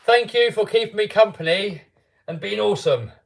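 English guy chatting on a live stream, bit higher voice, upbeat, lots of uh and I mean. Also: animated, moderate pace, vocal fry. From England. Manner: chatty and upbeat, with many restarts and fillers. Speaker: RC car YouTuber hosting a live stream. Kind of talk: casual live-stream chat answering viewers.

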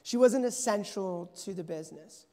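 In an echoey church sanctuary, a man preaches an earnest, story-driven sermon, often restarting his sentences. His voice sits high and mellow, moving at a normal speed.

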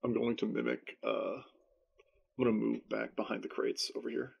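Gravelly husky tabletop player. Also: male voice, medium pitch, level tone, moderate pace, dull audio. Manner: casual, hesitant with restarts. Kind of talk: tabletop game play.

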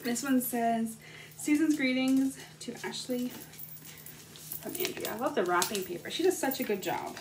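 A young woman with a somewhat high voice gushes excitedly as she unboxes presents. She sits on the floor at home and chats casually. Steady noise runs under the recording. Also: normal speed. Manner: gushing, excitable, chatty. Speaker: vlogger. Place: indoors at home, sitting on the floor.

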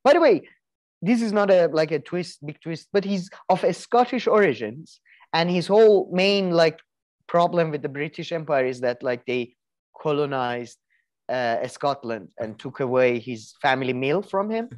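A man's voice: fairly high pitch, lively intonation, normal speed, a little mellow. Rambling man chatting on a podcast. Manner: rambling, many restarts and filler words, swears. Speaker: podcast co-host. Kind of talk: casual chat.

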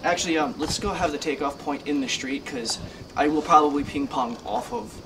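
A man's voice: a little high, expressive, brisk, gravelly, far from the mic, background noise. A man casually rambling through a self-filmed vlog outdoors, offhand and self-mocking, with plenty of fillers. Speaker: vlogger. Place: outdoors on a street.

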